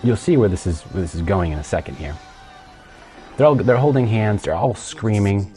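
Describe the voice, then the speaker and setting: A man hosting a casual solo show, retelling things in a rambling, animated way with plenty of restarts. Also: lowish voice, normal speed, soft background music. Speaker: podcast host.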